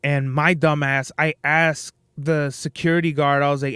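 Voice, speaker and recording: A man's voice: on the high side, steady tone, normal speed, few pauses, fairly bright tone, clean tone, dry recording. A young man hosting a podcast alone, telling rambling, profane stories in a laid-back, casual way. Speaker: podcast host. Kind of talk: casual solo podcast monologue.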